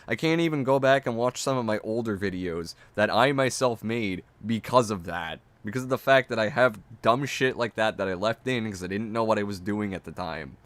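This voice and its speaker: A man's voice: lowish voice, a little fast, hardly any pauses, no echo. A man with a Canadian accent doing profane, exasperated reaction commentary on stream. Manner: exasperated, profane, loud mocking outbursts.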